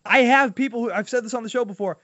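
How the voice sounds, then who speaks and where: A man's voice: very high voice, fast talker, bright, forceful tone, no echo. A man hosting a podcast in casual, opinionated sports chat, talking emphatically. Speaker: podcast host. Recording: dull lo-fi dry sound.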